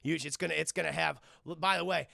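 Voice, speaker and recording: A man voicing a pushy, paranoid male government agent who rants loudly and stammers. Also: fairly high pitch, fairly even intonation, a little fast, vocal fry, no echo, clean studio sound, full character voice. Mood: ranting. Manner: ranting, loud, stammering.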